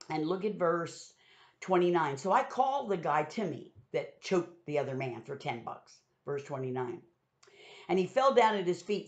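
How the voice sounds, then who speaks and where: A woman giving a conversational Bible teaching, retelling scripture in everyday modern words. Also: sits low. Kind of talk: sermon teaching. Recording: dull lo-fi sound.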